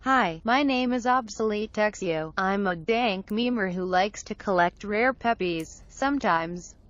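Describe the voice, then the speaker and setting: A female text-to-speech voice reading viewer messages in a flat, mechanical way. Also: medium pitch, measured pace, no echo. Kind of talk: synthetic read-out of viewer messages. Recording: dull, dry lo-fi audio.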